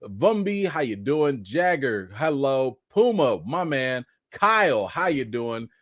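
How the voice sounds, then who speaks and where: A man runs a casual live stream, calling out viewers by name in an animated, bouncy voice. His pitch swings widely from low to high. The sound is dry, with no room echo. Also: slow pace. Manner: animated, greets viewers one by one; laughing, chatty storytelling. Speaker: livestream host.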